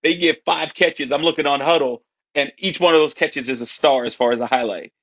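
A man who coaches high school football, a podcast guest telling wry anecdotes and acting out his players' voices. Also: brisk, a bit bright, highs cut off. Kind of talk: casual storytelling chat.

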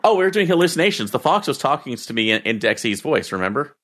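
A man's voice: medium pitch, sing-song, fast talker, a bit bright. A man playing in a tabletop role-playing game, joking and stammering over his words. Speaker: player.

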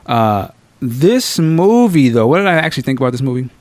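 A man hosting a podcast, reviewing a film in casual, slangy, profane chat with animated storytelling. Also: medium pitch, a little fast, no echo. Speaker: podcast host.

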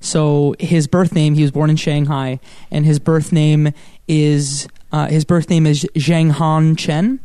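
A man's voice: a little high, little pitch movement, takes it slowly, hardly any pauses, mellow, clean tone, dry recording, clean studio sound. A man hosting a casual podcast chat about a game, talking enthusiastically and rambling with lots of fillers. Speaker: podcast host.

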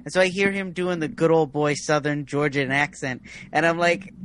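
A man on a casual podcast, giving measured and candid opinions about a TV show. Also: fairly high pitch, fairly even intonation, a bit bright, a little hiss or hum. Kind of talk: casual discussion of a TV episode.

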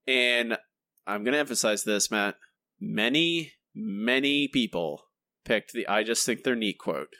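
A man's voice: lively intonation, a little slow, sharp tone, no room sound. A man co-hosting a podcast, his voice swooping up and down as he reads out listener answers. He trips over names and starts sentences over, and the room around him sounds dry and close. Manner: reads listener answers aloud, jumps into higher voices for the quotes. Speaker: podcast co-host. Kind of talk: casual chat.

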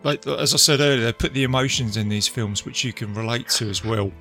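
Male co-host, bright and gravelly, eager and chatty. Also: medium pitch, fairly quick, faint music behind. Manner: enthusiastic, lots of agreeing and laughing. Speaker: podcast co-host. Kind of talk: casual film chat.

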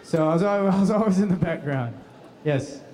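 A man's voice: sits high, brisk, in a large hall. A man answering fan questions at a convention panel in a casual, laughing storytelling manner. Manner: laughing, animated anecdotes acting out other voices.

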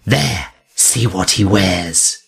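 Male narrator doing a sinister old crone: slow, deep, husky, hissing commands, audiobook. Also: lively intonation, a bit bright, full character voice. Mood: ominous. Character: ancient menacing Celtic crone, woman. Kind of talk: audiobook character voice.

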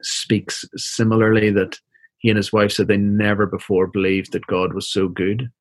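Man, middle-aged, lowish voice, soft and reflective, halting, repeats words, interview guest telling a personal story. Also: monotone, dry recording. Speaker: interview guest, seminary professor and minister.

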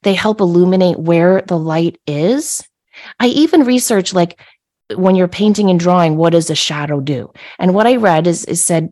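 Podcast host, middle-aged woman, lower voice, animated conversational storyteller. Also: normal speed. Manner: animated, acts out her own yelling with laughs.

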